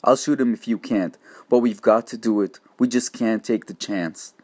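A man voicing a grieving frontier mother who speaks quietly and softly. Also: fairly low pitch, moderate pace, natural voice. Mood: tearful. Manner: quiet and soft.

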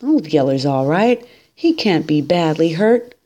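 A woman voicing a young frontier farm boy who pleads in a high, breaking voice in a storybook reading. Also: lively intonation, unhurried, dark tone, highs cut off. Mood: alarmed.

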